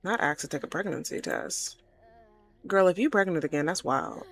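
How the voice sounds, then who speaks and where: A woman's voice: fairly low pitch, lively intonation, normal speed, fairly bright tone. A young woman giving casual, chatty commentary while playing a life-sim game, often correcting herself. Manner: chatty, self-correcting, laughs easily. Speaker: game streamer.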